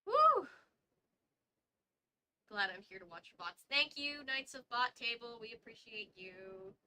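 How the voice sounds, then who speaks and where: A woman's voice: a little high, moderate pace, sharp tone, smooth, poor audio. A woman co-hosting a podcast, reading a novel aloud in first person and breaking off for chatty asides. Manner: chatty, laughs easily, asides while reading. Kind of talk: casual chat and read-aloud narration.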